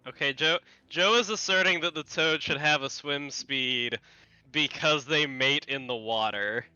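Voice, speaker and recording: A man's voice: fairly high pitch, unhurried, sharp tone, smooth, no echo, dull audio, faint music behind. A man playing a tabletop game, speaking in a hesitant, wry way as he decides his character's actions. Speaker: player. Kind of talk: casual tabletop chat.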